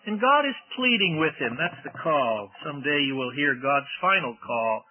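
A man preaching a sermon on the radio in an earnest, storytelling way, his voice climbing high when he quotes. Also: normal speed, few pauses. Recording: tinny phone-like radio broadcast.

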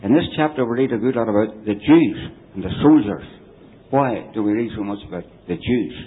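A man's voice: lowish voice, expressive, a little fast. A man making an emphatic, repeated point in a Bible study discussion. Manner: emphatic, repetitive. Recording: tinny phone-line recording with faint hiss.

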